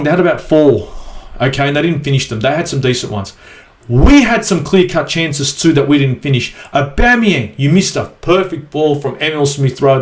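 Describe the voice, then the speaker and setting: A man's voice: high-pitched, echoey room. An Australian man ranting angrily as a football fan vlogger in a profane, exasperated match review. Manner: angry, sweary, exasperated.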